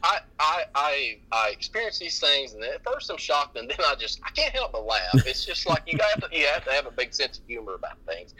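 Animated, laughing man telling family stories. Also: on the high side, fairly quick, few pauses, low-quality recording. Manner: animated, laughing storyteller with many restarts. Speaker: podcast guest. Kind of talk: casual storytelling chat.

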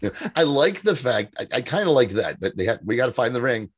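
A man's voice: medium pitch, very animated, brisk, husky, dry recording, studio quality. A man co-hosting a TV recap podcast in a chatty, laughing manner. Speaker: podcast co-host. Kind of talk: casual TV recap chat.

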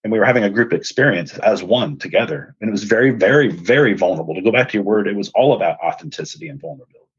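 Brief: lowish, husky male host, earnest storyteller, dull dry recording. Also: racing, no room sound. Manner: earnest, animated retelling with quoted dialogue. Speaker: podcast host and speaker. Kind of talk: personal storytelling.

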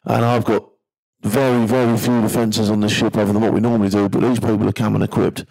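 A man's voice: on the low side, flat delivery, fast talker, vocal fry, a little mellow, low-quality recording. A middle-aged man, a former maritime security guard, tells a tense first-person story in a blunt, vivid way and swears casually.

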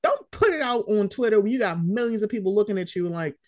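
A woman's voice: medium pitch, very animated, brisk, hardly any pauses, dry recording, studio quality. A woman co-hosting a casual sports chat podcast, blunt and profane, often mimicking the people she talks about. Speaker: podcast co-host.

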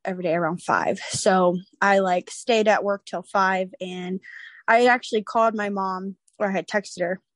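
A young woman in her twenties, a podcast guest, telling a personal story in an animated, casual way, acting out the voices of others and laughing often. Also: mid-range voice, moderate pace, dry recording.

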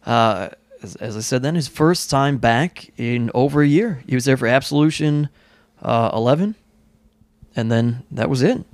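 A man co-hosting a casual podcast, chiming in with short replies and quick recaps. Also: medium pitch, no room sound. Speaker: podcast co-host.

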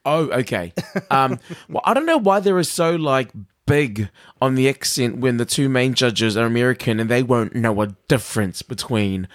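A man from New Zealand with a Kiwi accent, co-hosting a podcast in casual chat, animated, laughing often and repeating words as he thinks. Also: mid-range voice, normal speed. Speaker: podcast co-host.

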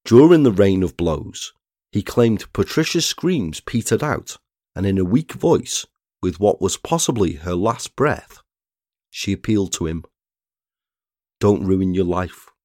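A man, narrating a true crime story in a measured scripted read. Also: fairly low pitch, sing-song, warm tone, no room sound, clean studio sound. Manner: measured, reads statements aloud plainly.

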